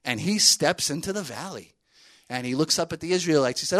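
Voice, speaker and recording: A man's voice: a little high, lively intonation, fairly quick, sharp tone. A man telling a story in a sermon to a group, conversational, with many fillers and asides.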